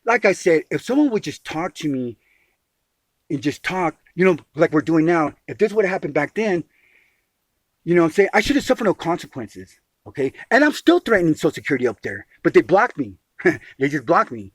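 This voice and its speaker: Speaking a little fast with a slightly high voice and big swings in pitch, a man recounts a long grievance during an agitated phone call. There's no room sound. He's emphatic, restarts and repeats phrases, and keeps calling the listener sweetie.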